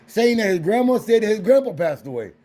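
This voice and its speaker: A man's voice: high-pitched, big pitch swings, warm tone. A man voicing a woman in his story who exclaims over the phone, repeating herself. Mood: excited. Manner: rapid exclaiming, repeated words. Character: excited woman on the phone with family.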